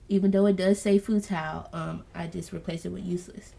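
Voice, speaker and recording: A woman hosting a casual Bible study podcast, talking earnestly and preachily to her listeners and calling them y'all, then reading scripture aloud slowly and softly. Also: fairly low pitch, steady tone, creaky. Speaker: podcast host.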